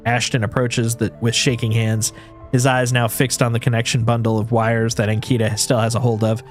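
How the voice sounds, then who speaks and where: A man reads a video game's story aloud in second person, in an even, mid-pitched voice that often stumbles and restarts mid-phrase. Faint game music plays behind him. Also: normal speed. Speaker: streamer.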